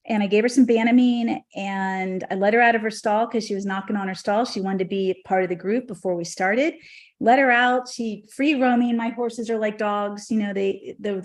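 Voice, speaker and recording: A woman's voice: medium pitch, a little mellow. A woman hosting a podcast, telling a personal story in an emotional, rambling way with many restarts and asides. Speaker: podcast host and horse trainer.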